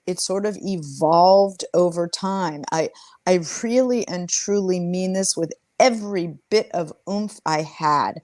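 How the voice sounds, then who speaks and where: A woman's voice: lowish voice, a little mellow, no room sound. A woman in her sixties speaking earnestly and reflectively as an interview guest, often restarting her sentences. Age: 60s. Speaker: interview guest, former sports team executive. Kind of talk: conversational interview storytelling.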